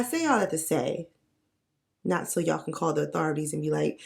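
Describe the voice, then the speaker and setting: Hoarse, raspy young woman chatting. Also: sits low, fairly quick. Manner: playful, animated, breaks into mock quotes. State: hoarse, raspy from losing her voice. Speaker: podcast host. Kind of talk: casual solo podcast chat.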